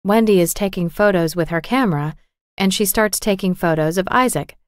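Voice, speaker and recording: A woman narrating a storybook for English learners with a clear, measured, carefully articulated reading. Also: medium pitch, dry recording, clean studio sound.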